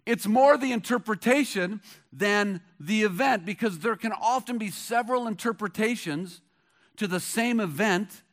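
A man's voice: high-pitched, normal speed. A middle-aged male pastor preaching a sermon, telling stories conversationally and pushing hard on key points. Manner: conversational storytelling with bursts of emphasis.

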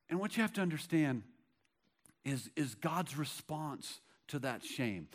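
A preacher in the middle of a sermon, dropping to a near hush for heavy lines and then rising loud and fast. He tells Bible stories by acting out each voice. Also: mid-range voice, lively intonation. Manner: dramatic, swings between hushed and loud; acts out quoted dialogue in Bible stories. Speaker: pastor.

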